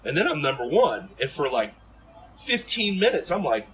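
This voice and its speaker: A man from Ohio telling stories as a podcast guest in an animated, rambling way full of fillers and restarts. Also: medium pitch, fairly quick, a little hiss or hum, poor audio. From Ohio, USA. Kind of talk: casual storytelling in an interview.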